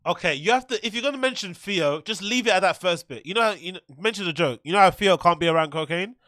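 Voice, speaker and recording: A man's voice: high-pitched, lively intonation, fast talker, pushed and bright. A man hosting a casual reaction video, profane and loose, riffing on a clip. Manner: profane, laughs often, riffs loosely.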